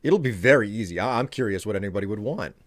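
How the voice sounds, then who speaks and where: A man's voice: on the low side, animated, quick pace, no echo. A man chatting casually to his live-stream chat while he plays, rambling and joking. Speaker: game streamer.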